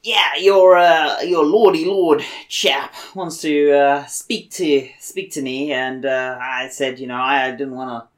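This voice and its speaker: A woman's voice: low voice, fairly even intonation, slow, few pauses. A woman doing a friendly Boston man in a tabletop game, talking in a put-on Boston accent. He rambles and hesitates, padding his protective words with fillers. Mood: earnest.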